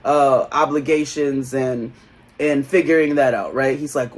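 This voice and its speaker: A co-host of a reality-TV recap show, chatting casually and profanely, laughing often and acting out quotes in big high voices. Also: measured pace. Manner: laughs often while talking. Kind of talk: casual pop-culture recap chat.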